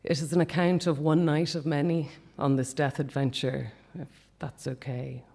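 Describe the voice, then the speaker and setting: Man softly reading a personal memoir. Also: a little high, flat delivery, normal speed, vocal fry. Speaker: speaker reading a personal account. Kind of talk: reading a memoir piece aloud.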